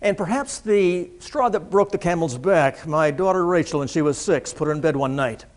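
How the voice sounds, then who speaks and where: A man with a high voice delivers a motivational keynote to a live audience, building his jokes with careful punchline timing. He sounds middle-aged and speaks to a large room full of people. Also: animated, moderate pace. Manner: humorous storytelling, punchline timing.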